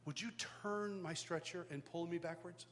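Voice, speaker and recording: A man quoting a tender, soft-spoken old father. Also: on the high side, moderate pace, natural voice. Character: loving older father on a hospital stretcher. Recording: live hall reverb, faint background noise.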